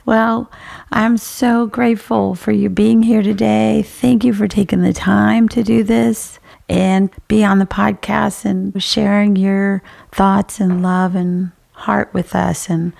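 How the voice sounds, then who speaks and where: A woman hosting a podcast, speaking in a warm, unhurried, appreciative way. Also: mid-range voice, level tone, creaky. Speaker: podcast host. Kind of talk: podcast interview.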